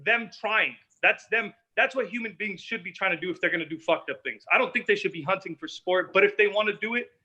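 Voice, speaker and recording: A young man talks fast and emphatically in loose, profane podcast chat. His voice sits high and bright, a little tense at the top. The recording sounds slightly dull and lo-fi. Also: slightly rough. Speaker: podcast guest, battle rapper.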